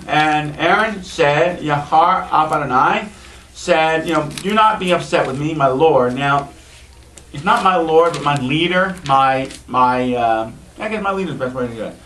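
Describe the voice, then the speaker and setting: A man, a rabbi, giving an informal Bible lecture to an adult class. He teaches with wry asides and jokes. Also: on the high side. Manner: lively, wry asides and joking. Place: synagogue classroom. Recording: echoey room, mic far off, faint hiss.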